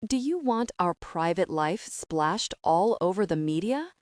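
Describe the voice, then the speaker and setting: A woman reading the lines of a calm, composed businessman boyfriend in a measured, unruffled way. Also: lowish voice, no echo, clean studio sound.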